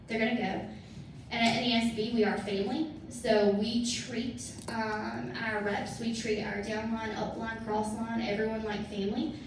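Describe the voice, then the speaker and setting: A woman's voice: fairly high pitch, flat delivery, normal speed. A woman giving an emphatic motivational talk to her sales team, repeating her points for effect. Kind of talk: motivational talk to a live audience. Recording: echoey room from far off, faint noise.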